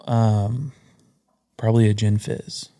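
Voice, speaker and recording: A man's voice: fairly low pitch, level tone, slow pace, dark tone. A man chatting casually as a guest on a podcast, telling stories about coffee and cocktails.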